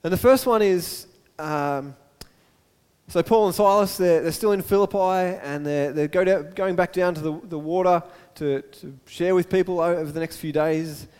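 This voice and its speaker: High-voiced preacher telling a story. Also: male voice, normal speed, smooth. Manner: storytelling, animated, repeats words. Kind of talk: sermon. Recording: echoey hall.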